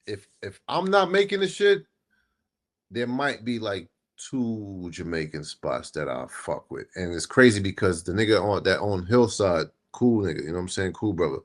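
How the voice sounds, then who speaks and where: A man's voice: sits low, expressive, normal speed. A man co-hosting a podcast, talking in a laid-back, slangy way. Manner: laid-back, slangy, sprinkles in "you know what I'm saying". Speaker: podcast co-host. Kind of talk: casual chat.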